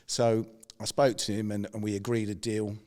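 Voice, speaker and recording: A middle-aged man, hosting a podcast and telling a long anecdote in a lively, conversational way. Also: on the low side, normal speed. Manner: lively storyteller who acts out the people in his story. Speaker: podcast host.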